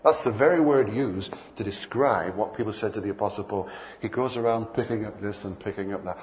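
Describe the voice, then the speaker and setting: A man's voice: on the low side, fairly quick, hardly any pauses, slight background noise. An older man preaching a sermon, telling playful anecdotes and acting out bits of dialogue.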